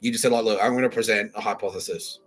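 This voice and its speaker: A man's voice: on the low side, steady tone, racing, a little hiss or hum. A young man hosts a rambling solo podcast, talking casually, with a lot of slang and swearing. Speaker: podcast host.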